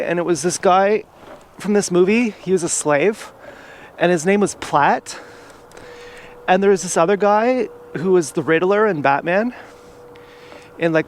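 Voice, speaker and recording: A man's voice: high-pitched, slight background noise. A man vlogging outdoors from an e-bike, rambling in a casual monologue full of "like" and restarts.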